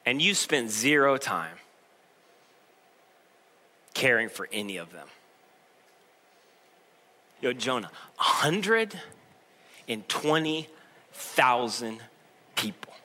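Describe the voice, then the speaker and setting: A pastor voicing God, earnest and patient. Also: male voice, mid-range voice, animated, slow, long pauses, sharp tone, heavily acted. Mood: gentle. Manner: earnest, pleading rhetorical questions. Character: God, patient fatherly male voice questioning a sulking prophet.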